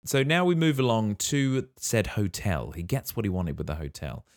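A man hosting a podcast, retelling a movie plot in a relaxed way and quizzing his co-host. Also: fairly low pitch, normal speed, no echo, clean studio sound. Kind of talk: casual movie recap.

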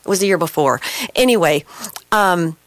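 A woman's voice: on the low side, normal speed, no echo. A woman guest in a radio studio, telling her personal story with passion and emotion.

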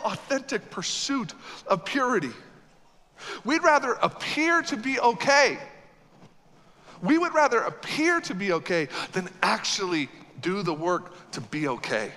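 A male pastor preaching a sermon in a church, emphatic, swinging between loud exhortation and quiet earnest lines. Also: fairly high pitch. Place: church sanctuary. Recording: long hall reverb.

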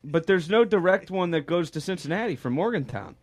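A man's voice: high voice, brisk. A young man co-hosting a radio show, bantering casually and teasing his co-hosts. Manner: teasing, animated, jokey.

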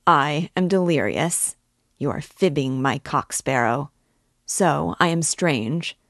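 A woman reading the part of a feverish, mocking young male student who taunts and then speaks in a hushed, intense way. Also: low-pitched, animated, slow, dry recording, clean studio sound, exaggerated voice.

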